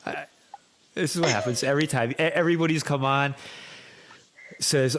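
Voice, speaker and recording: A man's voice: medium pitch, moderate pace, a little hiss or hum. Enthusiastic male podcast host. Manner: enthusiastic and encouraging, repeats himself. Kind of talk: casual conversational podcast.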